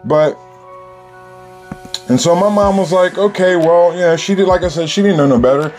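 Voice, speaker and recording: A man's voice: a little high, moderate pace, a little mellow, faint music behind. A man telling a childhood story in casual, streetwise slang, with lots of "you know.".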